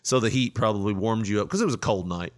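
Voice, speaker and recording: A man's voice: fairly low pitch, fast. A middle-aged man hosting a casual chat, telling a long story with frequent laughter and quoted lines. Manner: laughing often, retelling with quoted voices.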